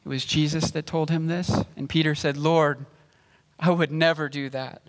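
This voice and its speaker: A pastor preaching a sermon, explaining scripture and reading verses aloud in a measured way. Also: male voice, on the high side, flat delivery, big-room sound. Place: church sanctuary.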